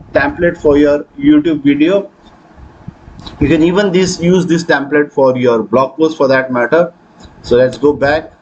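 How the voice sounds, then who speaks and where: A man hosting a software tutorial, talking through his screen with frequent hesitations. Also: on the high side, lo-fi sound, slight background noise. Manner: hesitant, many fillers. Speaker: tutorial host. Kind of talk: screen-recording software walkthrough.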